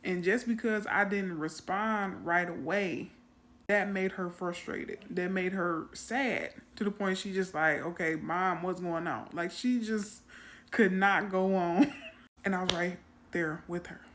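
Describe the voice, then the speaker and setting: A woman telling a personal faith story in casual testimony style, animated when she quotes her young daughter. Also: mid-range voice, measured pace. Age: adult mother. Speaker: Christian content creator.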